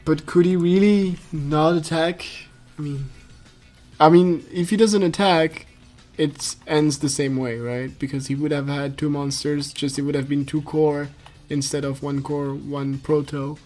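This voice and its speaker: A man from France, French his first language, calls a live card game match in English. His voice sits fairly high for a man, and he rambles and restarts in a loose, chatty way. Faint music plays underneath. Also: steady tone, a little slow, a little mellow. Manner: chatty, laughs easily, many fillers and restarts. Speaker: esports caster. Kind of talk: casual live game commentary.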